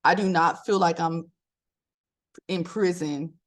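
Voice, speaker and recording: Middle-aged woman host from Maryland, casual and animated, pitch leaps for emphasis, laughs a lot. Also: takes it slowly. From Maryland, USA. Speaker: podcast host. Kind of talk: casual motivational talk.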